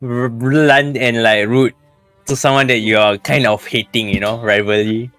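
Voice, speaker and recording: A man co-hosting a gaming stream, chatting casually, laughing often and reading game text aloud haltingly. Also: medium pitch, steady tone, music in the background. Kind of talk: casual let's-play chat.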